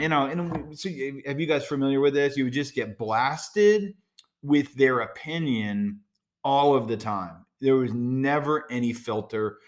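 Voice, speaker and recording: Man, middle-aged, American, podcast host, casual solo talk, direct, chatty with fillers. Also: mid-range voice. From United States. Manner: conversational, direct, with frequent fillers and asides.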